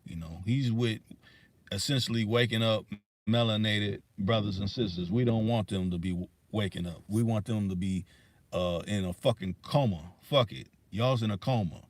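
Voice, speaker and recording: A male livestream host rants casually but heatedly, swearing often and filling his speech with restarts and fillers. His voice is fairly low, his pace normal, and there's no room sound.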